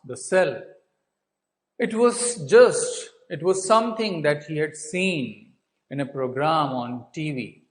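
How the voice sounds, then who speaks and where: On a low-quality recording, a man with a mid-range voice and an Indian English accent explains a textbook story to a class. His method is to ask questions and answer them himself, restating points and filling with "uh" and "so."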